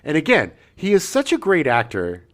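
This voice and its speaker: A man's voice: fairly high pitch, wildly swooping pitch, moderate pace. A middle-aged man co-hosting a podcast, gushing over character actors in casual chat. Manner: enthusiastic, jumps into silly put-on accents. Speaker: podcast co-host.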